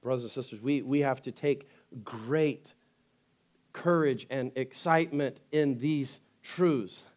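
A male pastor preaching a sermon with emphasis, swinging between loud declarations and quiet, earnest stretches. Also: medium pitch, slow. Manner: acts out scripture quotes.

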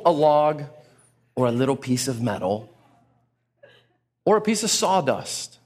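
A pastor preaching a sermon to a congregation, telling stories with acted-out exclamations. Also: male voice, high voice. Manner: animated storytelling with acted-out exclamations.

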